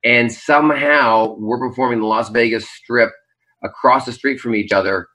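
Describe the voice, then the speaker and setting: A man's voice: mid-range voice, steady tone, moderate pace, sharp tone, rough recording. A man from Canada, a stage entertainer, reflecting earnestly in a rambling interview answer from his kitchen. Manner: rambling, earnest, many fillers. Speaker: Las Vegas Strip entertainer, guest. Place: home kitchen.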